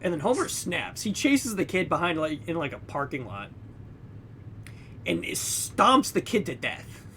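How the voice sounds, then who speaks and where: A young man co-hosting a podcast, casually retelling a movie plot with lots of "like" and "you know", acting out characters in loud, high bursts. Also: wildly swooping pitch, unhurried, a little hiss or hum. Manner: heavy use of fillers like "like" and "you know". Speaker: podcast co-host. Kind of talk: casual film recap.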